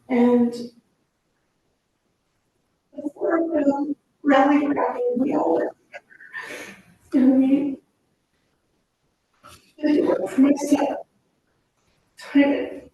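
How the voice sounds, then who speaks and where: A woman with a fairly high voice gives an earnest funeral eulogy, reminiscing and pausing with fillers. She stands back from a pulpit microphone in a church chapel. The sound is heavily echoey, with faint room ambience behind her. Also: mellow, recorded from a distance, dull audio, slight background noise. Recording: very echoey chapel, speaker off-mic.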